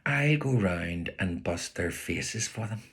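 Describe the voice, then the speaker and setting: A man with a Belfast accent voicing a sharp-tongued, protective working-class mother, blunt and scolding. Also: low-pitched, lively intonation, slow pace, husky, full character voice. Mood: coaxing.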